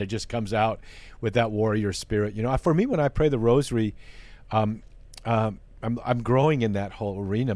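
A man's voice: medium pitch, a little mellow, dry recording. Man, show host, earnest, stumbles and repeats words, dry studio sound. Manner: earnest, repeats words while searching for phrasing. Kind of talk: faith talk show conversation.

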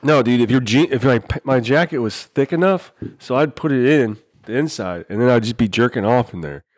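With a mid-range voice and a slightly quick delivery, this father spins crude podcast tales in a casual, animated way, voicing the dialogue himself. The studio-quality recording has no room sound.

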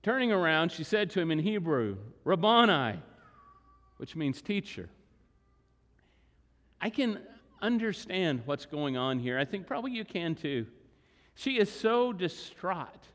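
Guy preaching a sermon, pretty high voice, slows way down to hit points, big church echo. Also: big pitch swings, fairly bright tone. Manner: dramatic retelling with acted quotes, slowing for emphasis. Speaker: pastor. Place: church sanctuary.

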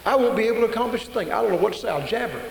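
A man preaching, acting out Moses as a timid man who stammers and pleads with God, his voice pitched up and strained. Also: animated, very fast, gravelly. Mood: pleading, flustered. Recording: echoey hall with faint hiss.

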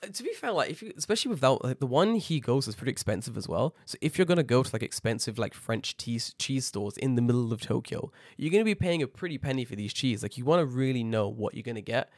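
A man's voice: medium pitch, fast talker, few pauses, no room sound, clean studio sound. A man co-hosting a podcast in casual chat, rambling and swearing as he tells stories. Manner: rambling, swears a lot, animated storytelling. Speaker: podcast co-host.

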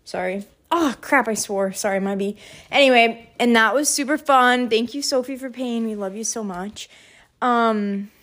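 A woman's voice: a little high, normal speed, fairly bright tone. A young woman chatting casually in a vlog, rambling with lots of fillers and restarts, laughing often as she talks while packing at home. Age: young adult. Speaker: vlogger. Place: indoors at home, packing and moving around.

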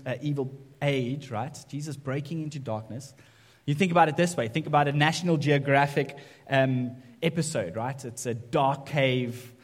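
A man preaching a sermon in a conversational way, often checking in with "right?". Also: on the high side. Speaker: pastor. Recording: long reverb of a hall.

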